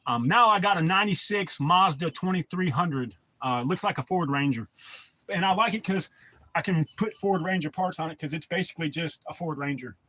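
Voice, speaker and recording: A man with a fairly high, sharp-toned voice speaks a little fast while casually hosting a livestream. He rambles in a laid-back, profane way as he responds to viewer comments.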